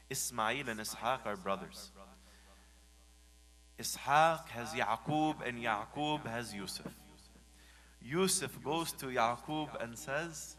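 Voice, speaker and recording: A man preaching a Friday sermon in a mosque. He moves from hushed, gentle lines to loud, acted-out scolding. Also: medium pitch, slow pace, low-quality recording. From United States. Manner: animated, swings from hushed to shouting when acting out scolding.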